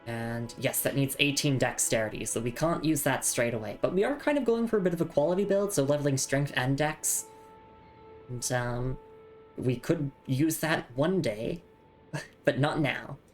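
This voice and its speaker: A woman's voice: a bass voice, moderate pace, faint music behind. A woman streamer chatting casually while playing a game, reading item text aloud to her viewers. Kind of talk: casual gameplay commentary.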